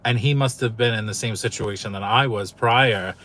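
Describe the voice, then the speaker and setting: A man's voice: lowish voice, moderate pace, a bit bright. Man, channel host; loose vlog storytelling, candid and emotional, swears freely.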